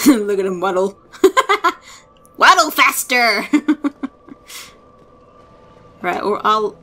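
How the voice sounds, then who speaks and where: A woman hosting a let's play, excitable and swearing, often laughing as she plays. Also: medium pitch, very slow. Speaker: gaming let's-play host. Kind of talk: casual game commentary.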